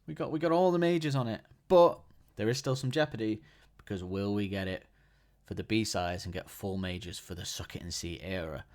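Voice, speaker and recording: On his own podcast, a host rambles enthusiastically in casual chat, restarting sentences again and again. He talks fairly quickly with few pauses, in a fairly low, slightly mellow voice.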